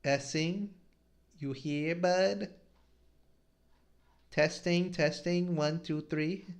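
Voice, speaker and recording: Slow, higher-ish guy hosting a comic podcast, reads panels out, laughs a lot. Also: fairly even intonation. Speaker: podcast host. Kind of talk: casual comic review chat.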